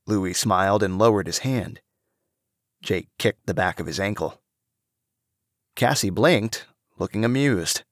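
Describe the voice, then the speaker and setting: A man narrating a storybook with an expressive reading. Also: lowish voice, unhurried, long pauses, dry recording, studio quality.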